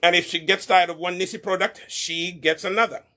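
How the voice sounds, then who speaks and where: Middle-aged man, bright tense voice, fairly high, hair care demo with a preachy, checking-in delivery. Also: steady tone, a little fast. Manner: preachy, repeats questions like "Okay?" and "Do you understand me?". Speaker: hair care business co-owner demonstrating products.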